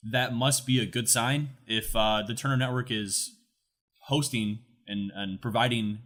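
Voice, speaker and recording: A man's voice: medium pitch, fairly even intonation, a little slow, fairly bright tone. A young man co-hosting an esports news recap, talking casually with lots of fillers and restarts. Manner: chatty, many fillers and restarts. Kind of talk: casual chat.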